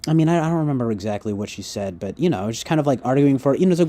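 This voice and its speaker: A man's voice: mid-range voice, expressive, very fast, few pauses, mellow. A man ranting casually, rambling and profane, with heavy fillers. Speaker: streamer. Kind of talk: casual rant.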